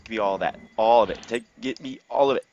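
A man commentating his own gameplay casually, excitable, laughing and swearing often. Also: medium pitch, fast talker, highs cut off, slight background noise.

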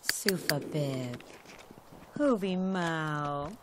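A woman's voice: low voice, expressive, extremely slow, exaggerated voice. A woman voicing a female game character who chatters in made-up gibberish words. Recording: noisy game audio.

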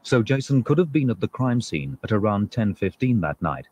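A man giving measured, scripted documentary narration. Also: on the low side. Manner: measured, even delivery. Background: music.

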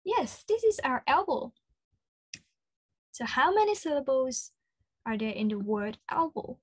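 A woman with an Australian accent leading an interactive children's lesson, slow and encouraging, full of praise. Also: high voice, very animated, husky, no room sound. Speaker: children's speech clinic presenter.

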